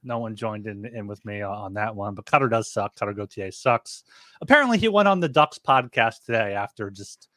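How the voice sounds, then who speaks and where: Lively joking podcast host. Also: male voice, fairly low pitch, brisk, no echo, studio quality. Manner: chatty, joking, lively promo delivery. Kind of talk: casual podcast chat and ad reads.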